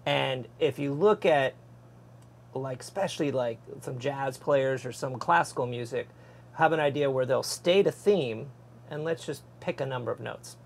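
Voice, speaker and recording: A man's voice: mid-range voice, normal speed, creaky, a little hiss or hum. Thoughtful man explaining guitar ideas. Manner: thoughtful, explanatory, with some stammering restarts. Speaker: guest guitarist. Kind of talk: casual explanation of guitar technique.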